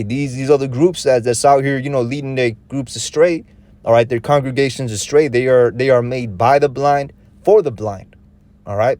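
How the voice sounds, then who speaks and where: A man's voice: mid-range voice, a little mellow. A man with a mid-range voice preaches scripture in a loose, street-slang style, heavy with profanity. He stumbles and restarts often, piling up rhetorical questions and checking in with his listeners. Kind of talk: informal scripture teaching.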